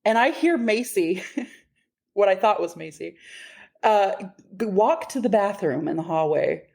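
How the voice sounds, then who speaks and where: A woman co-hosting a podcast, telling a road trip story in casual chat, animated and often laughing. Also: mid-range voice, unhurried, vocal fry. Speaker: podcast co-host.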